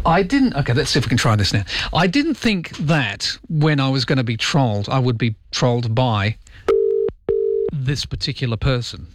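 A man's voice: mid-range voice, sing-song, moderate pace, a little hiss or hum. A male radio host chatting casually on air, self-mocking and jokey, in a studio. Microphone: studio microphone.

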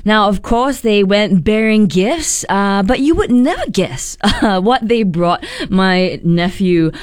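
A woman's voice: mid-range voice, expressive, slow, no room sound. A woman radio DJ from Singapore chatting casually on air, laughing as she tells a family story. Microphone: studio mic.

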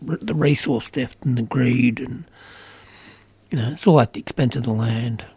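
A man's voice: medium pitch, normal speed, darkish tone, breathy edge, no room sound. A middle-aged Australian man with an Australian accent, talking earnestly and emphatically in casual political conversation, with many "you know" fillers.

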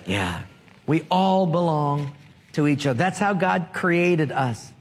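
Male pastor, high and unhurried, sermon in a reverberant church. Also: animated. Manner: storytelling, asks the congregation questions. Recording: long reverb of a large hall.

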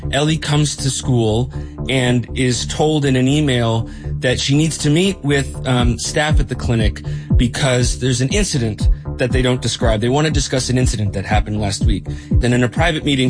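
A male journalist explains a story he reported, in an ordinary mid-range voice. He speaks conversationally and thoughtfully, with plenty of ums and small self-corrections. Soft music sits faintly beneath him. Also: medium pitch.

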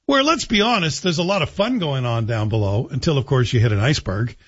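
Middle-aged male talk radio host, slightly husky voice, wry and sarcastic, on a dull lo-fi recording. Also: mid-range voice, lively intonation, fast talker. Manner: sarcastic, joking asides. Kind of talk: radio monologue.

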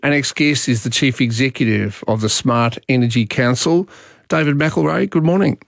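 An Australian man of middle pitch hosting talkback radio, chatty and opinionated as he wanders between topics. He is recorded close on a studio mic, and the sound is dry with no room around it. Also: normal speed, creaky, no room sound. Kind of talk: talkback radio monologue and calls. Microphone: studio microphone.

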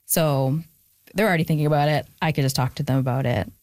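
A woman's voice: low-pitched, fast talker, darkish tone, dry recording, studio quality. A woman author being interviewed, talking in an earnest, reflective way with fillers. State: emotional, near tears at times. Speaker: author, guest. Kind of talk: casual interview talk.

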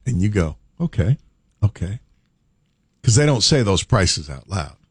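A man's voice: low-pitched, moderate pace, slightly rough, dry recording, clean studio sound. A man hosting a radio show, telling a comic story and acting out the people in it. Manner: animated, acts out scenes in different voices. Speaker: radio host.

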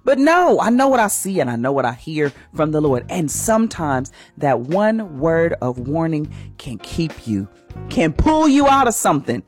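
A woman's voice: deep voice, very animated, moderate pace, breathy edge, soft background music. A woman hosting a morning radio show, giving an emphatic, preachy inspirational talk in a sermon style. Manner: preachy, emphatic, acts out quoted voices.

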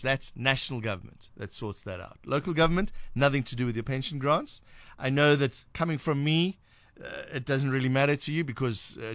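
A man's voice: medium pitch, fairly bright tone, no echo. A man with a South African accent hosting a late-night radio talk show, chatting wryly and sarcastically with many restarts. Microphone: studio microphone.

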